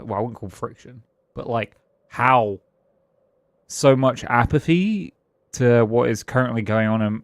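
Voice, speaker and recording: A man's voice: medium pitch, dry recording. A British man streaming a game and musing aloud in casual chat, with frequent chuckles and restarted sentences. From Britain.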